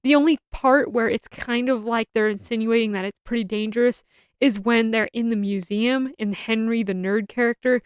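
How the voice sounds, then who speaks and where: A woman's voice: on the high side, clean tone, dry recording, studio quality. A young adult woman giving a casual, opinionated film review, rambling and often restarting her sentences.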